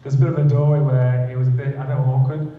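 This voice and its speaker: A man's voice: medium pitch, flat delivery, fast, heavy reverb, recorded from a distance, phone-quality sound. A man, a panel guest, telling a personal story earnestly and repeating words as he goes.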